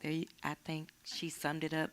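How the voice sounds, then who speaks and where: Very deep-voiced woman, quiet and hesitant. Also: completely flat delivery, normal speed. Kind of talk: church group sharing.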